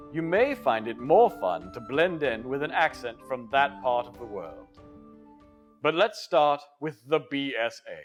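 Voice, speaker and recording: A man's voice: mid-range voice, fairly bright tone. A man in a put-on English accent narrating a training video in a playful, theatrical and emphatic way.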